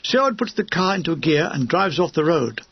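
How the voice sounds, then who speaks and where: Husky, high-voiced male audiobook narrator. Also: very animated, fairly quick, no room sound, dull audio. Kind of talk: audiobook reading of a war memoir.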